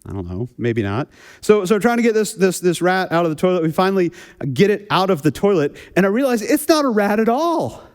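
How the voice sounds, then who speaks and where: A male pastor with a rather high voice talks through his sermon in a chatty, easygoing way, stumbling and repeating words as he goes. His voice rings out with the long reverb of a church sanctuary. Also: fairly quick. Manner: relaxed, chatty, often repeats words as he restarts. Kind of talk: conversational sermon with a personal story.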